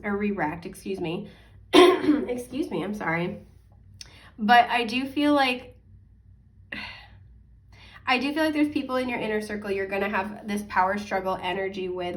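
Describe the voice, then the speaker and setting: A woman giving a casual weekly tarot forecast to her viewers, rambling with lots of fillers, correcting herself and apologizing with a laugh. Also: medium pitch. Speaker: astrology and tarot reader. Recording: voice a bit distant from the mic.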